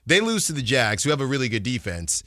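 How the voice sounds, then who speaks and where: A man hosts a sports radio show in an easy, chatty way and gets animated as he talks. His voice is bright and pushed forward. It sounds close and dry in the studio. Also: quick pace, no echo. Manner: chatty, animated, jumps pitch when excited. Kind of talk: casual sports talk.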